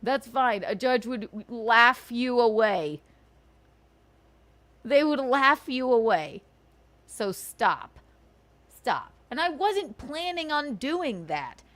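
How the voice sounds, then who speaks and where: A woman's voice: fairly high pitch, lively intonation, slow, a bit bright. A woman hosting a livestream, ranting sarcastically with swearing and giggles. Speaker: livestream host. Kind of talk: casual livestream rant.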